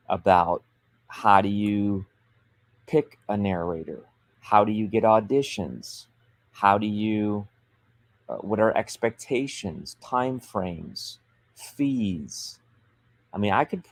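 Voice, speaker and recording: A man with a lowish voice talks on a livestream, coaching authors with emphatic, persuasive energy. The sound is close and dry, with no room around it. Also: a little slow, no room sound. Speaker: author coach and show host. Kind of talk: livestream business talk.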